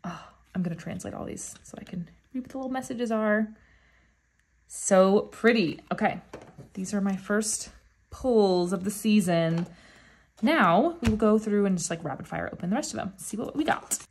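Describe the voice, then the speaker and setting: A woman vlogger unboxing albums in a casual chat, gushing and often gasping with excitement. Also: mid-range voice, normal speed, breathy edge. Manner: gushing, with frequent excited gasps.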